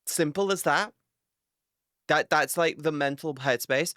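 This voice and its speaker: A woman's voice: low-pitched, a little slow, a bit bright, no echo, clean studio sound. A woman streamer in a casual live chat with her viewers, ranting animatedly, swearing a lot and laughing often.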